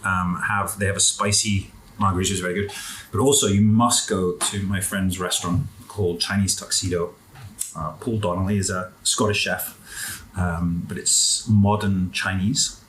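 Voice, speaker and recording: Deep-voiced man chatting over a meal. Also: moderate pace, slight background noise, poor audio. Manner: relaxed, enthusiastic about food, talks while eating. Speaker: interview guest. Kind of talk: casual interview chat.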